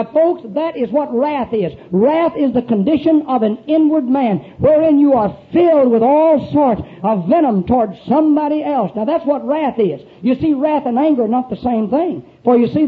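A man preaching a sermon in a folksy, emphatic way, often putting questions to the congregation. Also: extremely high pitch. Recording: tinny phone-like recording.

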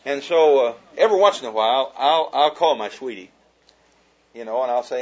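A man's voice: medium pitch, brisk, muffled recording. Folksy chuckling man telling stories. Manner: folksy storyteller, chuckling as he talks. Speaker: speaker giving a talk on marriage. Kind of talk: humorous folksy talk to an audience.

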